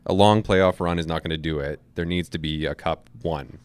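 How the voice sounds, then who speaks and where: A man on a casual sports podcast panel, laid-back, quick to agree and laugh. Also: deep voice, steady tone, smooth.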